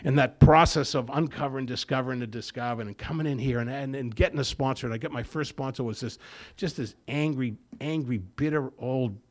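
A man's voice: medium pitch, fairly quick. A man giving a personal testimony to a recovery group, telling his story with humor and acting out the dialogue. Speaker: recovery meeting speaker.

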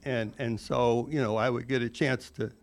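A man's voice: mid-range voice, steady tone, normal speed. A man in his forties telling a rambling, self-mocking personal recovery story, full of "you know" asides. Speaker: recovery speaker.

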